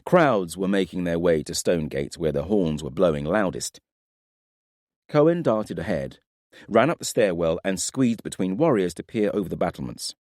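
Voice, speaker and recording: A male audiobook narrator with a low voice that still moves expressively across its range. He reads fantasy prose in a measured storytelling way. The sound is dry and close. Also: animated, a little mellow, no echo.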